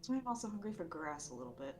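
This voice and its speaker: A woman playing a tabletop game, answering in a deadpan, playful way. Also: low-pitched, very fast, slight background noise. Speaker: player. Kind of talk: casual game table chat.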